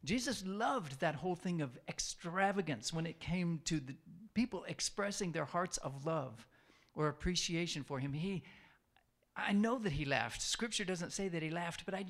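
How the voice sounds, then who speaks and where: Guy preaching a sermon, kinda high voice with a gravelly edge, repeats stuff for emphasis. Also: animated, normal speed, fairly bright tone. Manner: conversational, repeats phrases for emphasis; asks the listeners questions.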